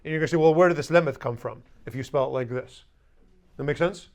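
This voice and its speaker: A man teaching a language class, with a voice pitched a little high. He is blunt and sarcastic, teasing his students as he leads them through call-and-response drills in a classroom. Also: fast, darkish tone.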